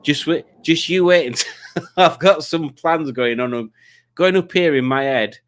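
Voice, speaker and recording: A man's voice: a little high, unhurried. Male livestream host, casual rambling chat, stumbles and restarts. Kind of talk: casual chat reading comments.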